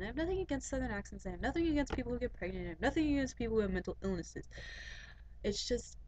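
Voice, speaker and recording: A teenage girl rants casually to her webcam. She is chatty and wanders between fillers and little asides, mid-pitched for a woman. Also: expressive, normal speed, long pauses, darkish tone, rough recording. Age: teens.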